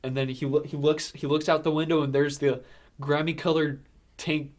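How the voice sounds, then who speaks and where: A man's voice: fairly high pitch, flat delivery, moderate pace. Man, podcast co-host, casual movie recap, rambling, lots of fillers. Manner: rambling, filler-heavy, laughs often.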